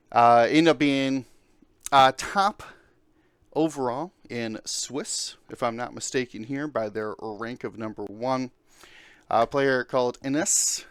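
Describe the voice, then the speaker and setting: A man's voice: medium pitch, a bit bright, clear, resonant tone, dry recording. A man hosting a casual podcast, talking through game lists with many fillers. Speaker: podcast host.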